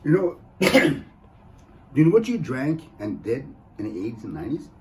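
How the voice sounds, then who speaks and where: A man's voice: mid-range voice, huge pitch swings, moderate pace. A man doing a joking stand-up comedy set in an event hall, often slipping into teasing mock voices. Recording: echoey room heard from a distance.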